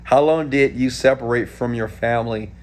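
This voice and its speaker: Casual livestream guy from houston answering chat questions, animated, checks in with okay a lot, light hum in the back. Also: mid-range voice, moderate pace. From Houston, Texas. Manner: animated, talks straight to viewers with frequent "okay?". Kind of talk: casual live-stream Q&A.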